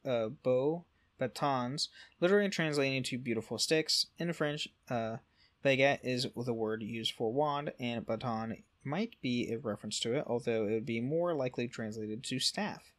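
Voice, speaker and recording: A man's mid-range voice at moderate pace: he's a podcast co-host casually reading lore notes. Expect lots of filler words, frequent self-corrections, and stumbles whenever French comes up.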